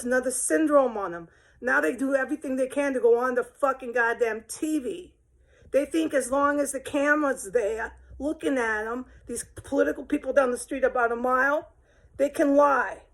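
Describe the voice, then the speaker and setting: A woman's voice: high voice, gravelly, poor audio. A woman from the United States delivering an angry, rambling, profane vlog rant. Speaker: vlogger. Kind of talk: angry ranting monologue.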